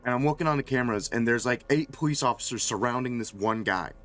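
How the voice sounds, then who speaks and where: A man's voice: mid-range voice, quick pace, a bit bright, soft background music. A male streamer telling a casual, rambling story full of swearing and fillers. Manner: rambling, profane, lots of fillers.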